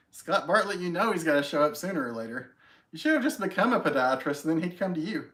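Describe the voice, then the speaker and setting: A man's voice: a little high, expressive, moderate pace, a bit bright. A man hosting a casual live stream at home, greeting viewers by name and chatting in a friendly, self-deprecating way. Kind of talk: casual chat reading viewer comments.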